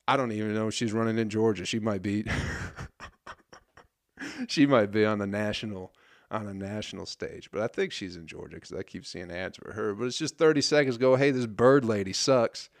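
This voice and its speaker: A man's voice: lowish voice, no room sound. A man in his thirties, a podcast host, ranting casually in a profane, rambling and sarcastic way. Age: 30s. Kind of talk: casual solo rant.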